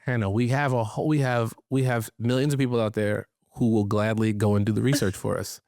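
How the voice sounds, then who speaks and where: A man's voice: steady tone, fairly quick, creaky, darkish tone, dry recording, clean studio sound. Playful slangy man podcast host. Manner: playful, slangy, jumps into high-pitched quoted voices. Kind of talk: casual chat recapping a sitcom episode.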